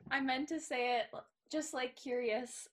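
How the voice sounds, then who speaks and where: A young woman co-hosting a casual podcast, with a voice a little higher than most. She laughs easily and explains herself in a sheepish, friendly way. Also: steady tone, unhurried. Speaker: podcast co-host. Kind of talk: casual chat.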